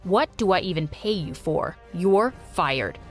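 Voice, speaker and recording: A gruff, stern wealthy father in an animated story, scolding and slow, as a woman puts him on. His voice is pushed well below hers, firm and heavy. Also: lowish voice, soft background music, voice pushed down.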